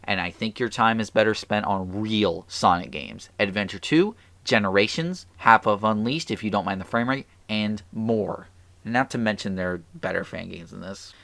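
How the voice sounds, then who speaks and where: A man's voice: medium pitch, a bit bright, dry recording. A man giving an improvised game review into a mic, rambling and stuttering, asking exasperated rhetorical questions. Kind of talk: improvised video review commentary.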